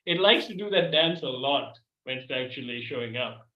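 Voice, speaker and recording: A man's voice: mid-range voice, expressive, moderate pace. A man hosting an improv comedy scene over a video call, playful and dramatic as he leads the others. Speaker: improv host. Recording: echoey, dull video call audio.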